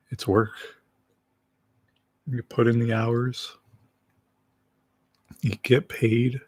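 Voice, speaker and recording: A man hosts a relaxed livestream, rambling at an unhurried, drawn-out pace and chuckling as he goes. His voice sits a little low. The sound is dry and close, with no room echo. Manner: rambling, laid-back, laughs easily. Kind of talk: casual rambling chat.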